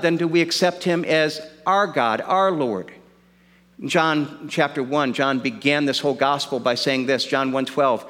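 A man's voice: a little high, fairly bright tone, long reverb tail. A man preaching a sermon as pastor, earnest and repeating words as he works through an argument.

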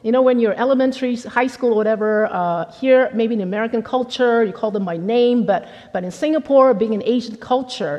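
A woman pastor with a fairly high voice gives a chatty, lively sermon, slipping into little acted-out voices as she tells her stories. Her words ring through a large hall with a long reverb trailing behind them. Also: a little fast, few pauses. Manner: conversational, animated, acts out quotes.

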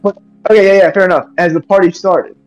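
A man at a tabletop game with a fairly high voice, animated as he argues for his character. He is recorded on a dull, lo-fi mic. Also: quick pace, soft background music. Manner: animated, acts out his drunk character's lines. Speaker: player.

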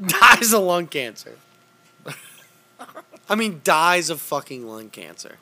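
Podcast host, young adult male, gravelly and bright, swears constantly. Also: fairly high pitch, very animated, very slow, pauses often. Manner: profane, storytelling, laughs a lot. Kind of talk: casual chat.

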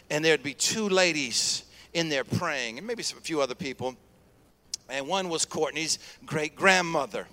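A male pastor preaches with energy and keeps drawing call-and-response from his congregation. His voice sits high and sounds bright and forceful. The sound rings with long reverb in a church sanctuary. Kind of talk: sermon.

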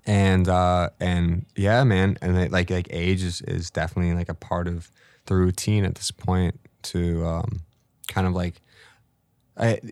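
Low-voiced man in his late twenties. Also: little pitch movement, a little slow, a little mellow, no room sound. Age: late 20s. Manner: reflective, storytelling with many fillers. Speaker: guest. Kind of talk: casual conversation.

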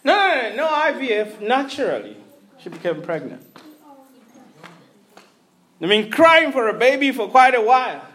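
Casting: male preacher, very high voice, sermon storytelling, chuckling. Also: fairly quick, hardly any pauses. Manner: animated storytelling with frequent chuckles and restarts.

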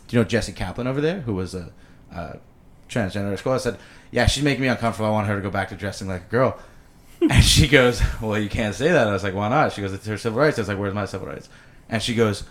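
Podcast host, man in his 20s from Canada, quick, animated storyteller who swears freely. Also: on the low side.

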